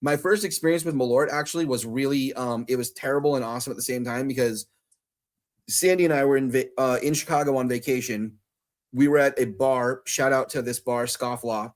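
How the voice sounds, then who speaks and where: A man co-hosting a podcast in casual chat, telling stories with quick laughs and loose swearing. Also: medium pitch. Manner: animated storyteller, quick laughs, swears freely. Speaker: podcast co-host.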